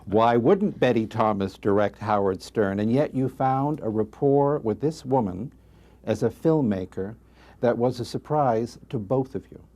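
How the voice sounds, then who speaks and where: A man interviewing a guest, asking long deliberate, pointed questions. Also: medium pitch, mellow.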